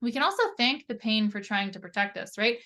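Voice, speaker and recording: A woman occupational therapist teaching in an easygoing, conversational way. Her voice sits at an ordinary middle pitch, and she often checks in with a quick tag question. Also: pushed and bright. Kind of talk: presenting a lesson.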